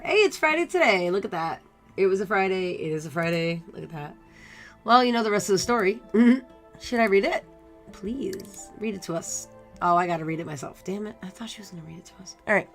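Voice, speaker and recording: A young woman live-streaming a cozy game, chatting and laughing as she slowly reads its text aloud. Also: medium pitch, lively intonation. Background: faint game music.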